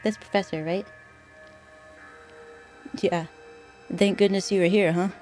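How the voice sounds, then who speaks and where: A woman's voice: medium pitch, fairly even intonation, unhurried, a little mellow, faint music behind. A woman streamer giving casual gameplay commentary, chatty and thinking aloud.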